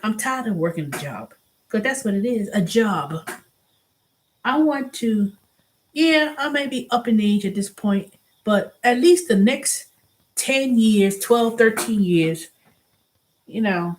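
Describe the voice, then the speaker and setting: A woman's voice: a little high, slow, long pauses. A middle-aged woman hosting a casual vlog, venting animatedly and often restarting and repeating herself. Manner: animated venting, acts out quoted voices. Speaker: show host.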